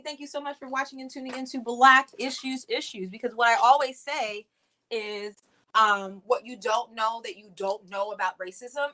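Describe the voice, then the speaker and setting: A woman hosting a casual livestream from her living room, talking fast and loose, swearing and mocking politicians. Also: fairly high pitch. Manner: animated, profane, mocking impressions. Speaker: livestream host.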